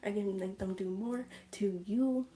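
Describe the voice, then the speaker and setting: A woman voicing a creepy, menacing older aunt in a hushed, threatening whisper. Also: mid-range voice, unhurried, close to an everyday voice.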